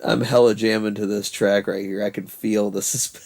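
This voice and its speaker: A man's voice: lowish voice, flat delivery, moderate pace, creaky, a little mellow. A man giving casual gameplay commentary, telling rambling stories with frequent laughter and swearing. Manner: rambling, laughing, profane storytelling. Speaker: gaming channel host.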